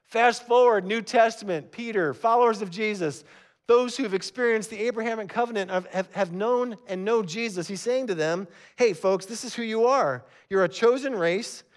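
A man's voice: high voice, normal speed. A man preaching a sermon as pastor, reading scripture aloud and repeating words as he presses each point. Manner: emphatic, repeats words when starting phrases; reads scripture aloud, then explains it.

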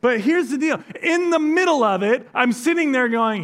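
Male pastor, pretty high voice, chatty funny storytelling sermon in church. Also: normal speed, hardly any pauses. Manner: conversational, self-deprecating humor, animated storytelling. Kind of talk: sermon with personal stories.

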